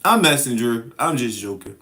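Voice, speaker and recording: A man's voice: medium pitch, very animated, moderate pace, pushed and bright. A man hosting a casual livestream, answering viewer comments, laughing often and teasing the commenters playfully. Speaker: livestream host.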